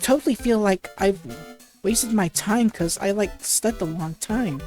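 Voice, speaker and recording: A woman voicing a ditzy young valley-girl woman, halting and stuttering through her lines full of fillers. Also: mid-range voice, a little mellow, soft background music, lightly acted. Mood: airheaded. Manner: halting reading with stutters and restarts.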